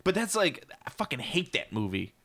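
A man's voice: medium pitch, sing-song, a little fast, pushed and bright. A man in casual podcast chat, ranting with lots of swearing and acting out quotes in silly voices. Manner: profane, ranting, acts out quotes in funny voices.

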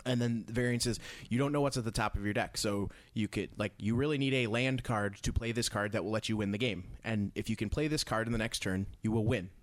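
A man's voice: on the low side, quick pace, hardly any pauses, dry recording. A man explaining game design in a casual chat with a co-host, talking it through with frequent restarts. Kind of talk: casual chat about tabletop games.

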